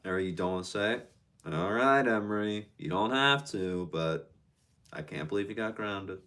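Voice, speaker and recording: Man, lowish voice, live-stream host, reads chat aloud, relaxed and slangy. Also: normal speed. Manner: reads viewer comments aloud and answers them; laid-back, slangy.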